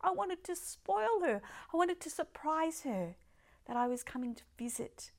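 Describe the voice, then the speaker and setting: An older woman giving an emphatic devotional talk, sometimes dropping her voice to a soft whisper. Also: sits high, unhurried. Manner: expressive, piles up words of praise. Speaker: Christian devotional speaker.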